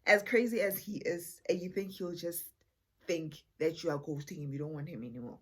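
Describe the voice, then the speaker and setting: Mocking aunt, probing and drawn-out; young woman playing her. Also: lowish voice, breathy edge. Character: teasing, skeptical middle-aged aunt.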